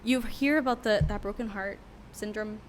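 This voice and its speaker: A woman's voice: medium pitch, normal speed. Young woman, worship leader, podcast guest, candid and emotional, faint background noise. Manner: candid, emotional storytelling with many fillers. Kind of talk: casual podcast interview.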